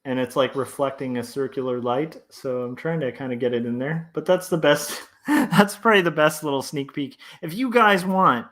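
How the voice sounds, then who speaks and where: A man's voice: medium pitch, normal speed, few pauses. A man in his thirties chatting casually on a livestream while he draws, rambling through many fillers and restarts and reading chat messages aloud. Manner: relaxed and friendly, reads chat aloud. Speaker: comic artist streamer. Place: home studio indoors.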